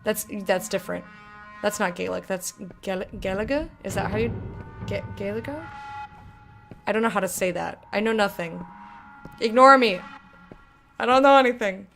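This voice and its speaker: A woman's voice: mid-range voice, steady tone, moderate pace, creaky, soft background music. A woman playing a game and commenting in a chatty, joking, self-mocking way. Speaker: streamer. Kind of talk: gameplay commentary.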